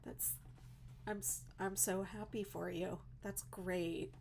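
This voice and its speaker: A woman's voice: lowish voice, fairly even intonation, slow pace, gravelly, darkish tone, a little hiss or hum. A woman crochet designer chatting casually on a livestream, reading viewer comments, teary and emotional with lots of fillers.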